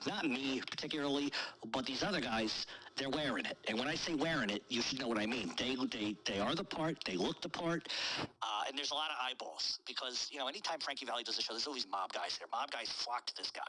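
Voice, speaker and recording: Man, anecdote storytelling, profane, bright voice, mid pitch. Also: fast, rough recording. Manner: profane, laughing through his own story. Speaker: storyteller host. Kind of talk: casual comic storytelling.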